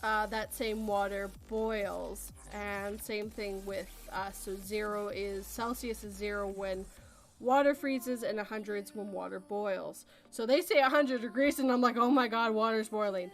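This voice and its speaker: A woman's voice: medium pitch, a little slow, faint music behind. A Canadian woman hosting a casual podcast chat, rambling through explanations and laughing often. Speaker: podcast host.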